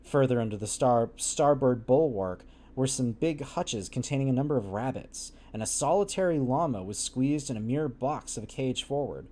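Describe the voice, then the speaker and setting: On a livestream, a man reads a classic novel in an expressive, mellow mid-range voice, at normal speed with hardly any pauses. Old-fashioned wording trips him up, and he stops for wry asides full of laughter.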